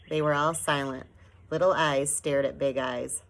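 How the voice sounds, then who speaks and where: Low, gravelly woman narrating a storybook. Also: steady tone, a little slow, rough recording. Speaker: audiobook narrator.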